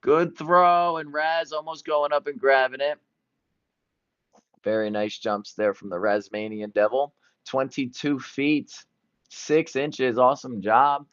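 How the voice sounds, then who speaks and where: Male commentator, excited live play-by-play, mid-pitched, dry and dull lo-fi sound. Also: takes it slowly, smooth, no echo. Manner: excited, jumping between events. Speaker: sports commentator.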